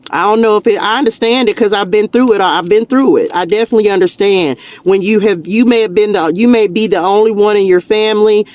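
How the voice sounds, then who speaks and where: A woman's voice: mid-range voice, fast talker, few pauses. A woman with a Southern US accent giving a live tarot reading, chatty and folksy, encouraging her viewers and laughing easily. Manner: chatty, folksy, calls viewers "child" and "y'all"; warm encouraging pep talk, laughs easily. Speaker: tarot reader and spiritual coach.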